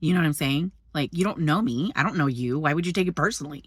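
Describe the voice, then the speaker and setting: A woman's voice: low-pitched, animated, fast, a little hiss or hum. A woman vlogging in a chatty storytelling way, swearing freely, laughing often and jumping between subjects. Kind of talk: casual storytelling vlog.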